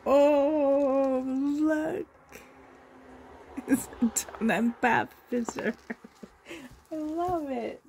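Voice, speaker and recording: Gushy woman doing an unboxing vlog, talks slow, kinda raspy fry, faint noise behind. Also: high voice, darkish tone. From Canada. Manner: gushing, effusive, laughs often. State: coughing, teary. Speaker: reborn doll collector vlogger.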